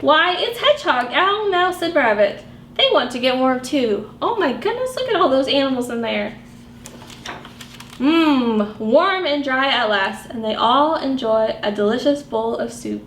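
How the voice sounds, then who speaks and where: A woman librarian reading picture books aloud to young children, animated and sing-song, asking them questions as she goes. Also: high-pitched, measured pace. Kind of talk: storytime read-aloud for children. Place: library room. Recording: echoey room with faint background noise.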